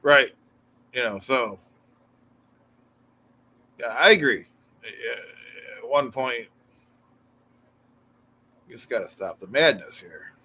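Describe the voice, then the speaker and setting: A male livestream host with a firm, forceful tone, speaking at a mid pitch. He keeps things calm and casual, filling his sentences with easygoing verbal fillers as he steers the chat. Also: slow pace, long pauses, husky. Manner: calm, filler-heavy, soothing.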